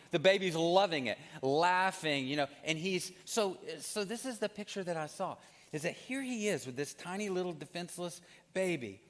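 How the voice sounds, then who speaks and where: A man delivering a sermon in a storytelling manner, with a somewhat high voice for a man. His words carry a long reverb, as if spoken in a large hall. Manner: storytelling, animated with rising excitement. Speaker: pastor.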